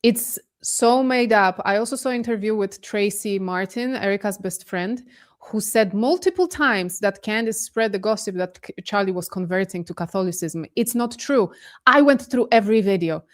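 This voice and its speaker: A woman from Poland, a guest on a casual podcast discussion, talking with animated, incredulous emphasis over a remote call. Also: mid-range voice, moderate pace. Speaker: guest commentator.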